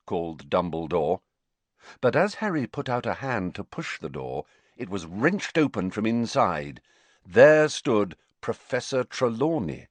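Casting: low-voiced male audiobook narrator, animated delivery, dry close recording. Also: a little slow, no room sound. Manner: expressive storytelling. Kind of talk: scripted narration.

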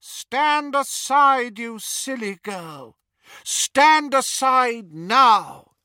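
Voldemort, a reader doing a menacing dark wizard. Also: high-pitched, expressive, no room sound, studio quality, pitched above the performer's own voice, full character voice. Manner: slow, harsh commands.

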